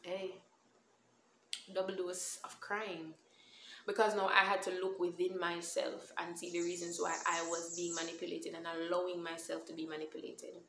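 A young Jamaican woman tells her personal testimony in an earnest, emotional way, moving between plain English and patois. Her voice sits a little low for a woman. The recording is roomy and echoey, with faint noise behind it. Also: flat delivery, moderate pace, fairly bright tone. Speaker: vlogger sharing a testimony. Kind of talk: storytime testimony. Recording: echoey room.

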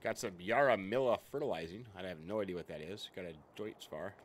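Lively-voiced male game streamer, chatty host who greets viewers by name. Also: low-pitched, a little fast, slight background noise. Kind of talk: casual let's-play commentary.

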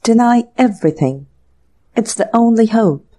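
A woman's voice: a little high, lively intonation, normal speed, warm tone, pitched above the performer's own voice. A woman voicing an anxious young woman in a storybook reading, pleading and heartfelt. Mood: urgent.

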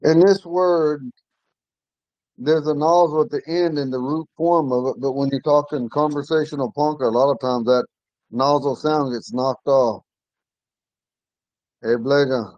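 A man teaching an online language class from his home, patiently repeating words slowly for learners. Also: on the high side, steady tone, a little mellow, no room sound, lo-fi sound.

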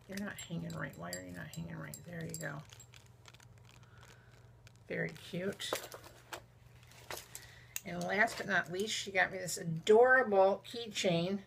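Unwrapping gifts sent by friends, a woman chats away, gushing over each little item and addressing her viewers and the presents alike. Her voice is lowish and creaky, with a little hiss or hum in the recording.

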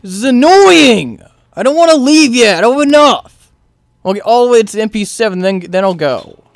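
A video game player giving live gameplay commentary, frustrated and swearing, swinging between loud outbursts and low muttering. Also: expressive, a little fast, dry recording, clean studio sound.

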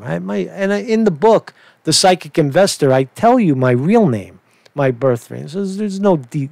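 A man's voice: a little high, a little mellow, dry recording. Profane ranting Brooklyn man, dry sound. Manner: profane, rambling, keeps asking "right?". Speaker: online commentator. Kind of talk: ranting commentary.

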